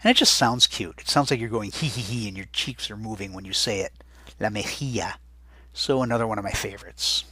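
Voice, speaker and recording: Male teacher, low-ish husky voice, bright tone, chatty and patient, dictates each word slowly, dry close recording. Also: no room sound. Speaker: Spanish teacher. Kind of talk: recorded vocabulary lesson.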